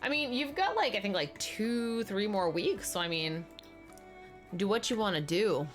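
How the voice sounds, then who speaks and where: A woman's voice: medium pitch, lively intonation, normal speed, soft background music. A young adult woman streaming a life-sim game, chatting casually and talking straight to her viewers. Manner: chatty, talks straight to the chat and answers viewers by name.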